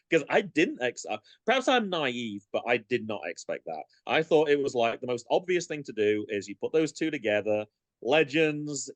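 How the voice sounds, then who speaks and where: A man's voice: medium pitch, dry recording. A man in a casual podcast chat, giving opinions, thinking aloud and laughing easily. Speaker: podcast co-host.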